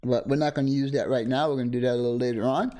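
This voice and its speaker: A middle-aged man hosts a casual livestream from home, speaking rapid-fire in a steady, warm, medium-pitched voice. He sits close to a desk condenser microphone, greeting viewers by name and chuckling often.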